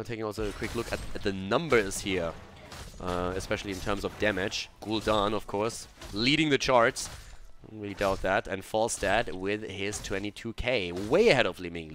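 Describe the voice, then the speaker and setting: A man casting a video game match on his own, mixing brisk play-by-play with coaching tips. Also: fairly low pitch, fairly bright tone, a little hiss or hum. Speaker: esports caster. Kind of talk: solo match commentary with analysis.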